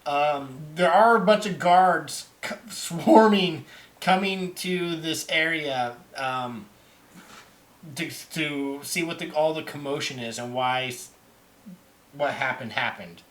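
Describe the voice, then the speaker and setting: Higher-voiced male game master. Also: takes it slowly. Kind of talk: narrating a tabletop game.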